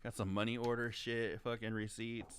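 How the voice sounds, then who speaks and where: A man's voice: medium pitch, moderate pace, slight background noise. Profane man telling a story. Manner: profane, animated storytelling, says dog. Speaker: podcast co-host. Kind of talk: casual chat.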